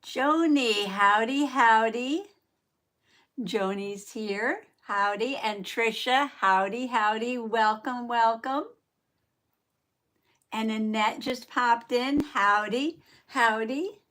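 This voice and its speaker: A woman's voice: fairly high pitch, slow pace, fairly bright tone. An older woman from Southern Indiana hosting a casual live art stream, greeting viewers by name and laughing often.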